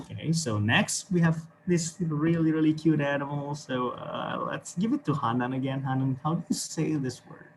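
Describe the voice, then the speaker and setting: A man's voice: fairly high pitch, moderate pace, gravelly, hardly any pauses, a little hiss or hum. An Indonesian man with an Indonesian accent teaching an English class over a video call, encouraging and chuckling often as he explains.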